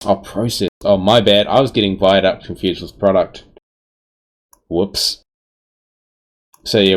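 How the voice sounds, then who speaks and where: A man casting a live esports match in an easygoing way, correcting himself as he goes, on a headset mic. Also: on the low side. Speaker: esports caster.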